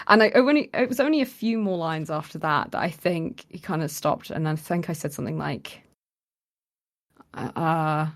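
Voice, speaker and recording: A woman's voice: sits low, normal speed. A woman co-hosting a podcast, telling a story in casual chat and acting out the quoted lines with lots of fillers. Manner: animated retelling, acts out quoted lines with many fillers. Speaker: podcast co-host.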